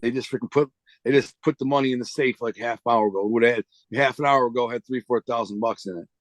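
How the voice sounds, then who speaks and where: A man's voice: medium pitch, quick pace, no room sound. Streetwise man telling a wild story. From United States. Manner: streetwise slang, animated storytelling. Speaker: interview guest. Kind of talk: casual storytelling.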